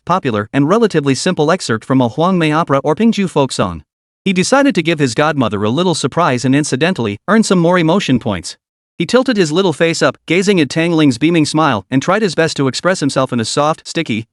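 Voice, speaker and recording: A man narrating an audiobook story in an animated reading style. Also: a little high, fairly quick, no echo, clean studio sound.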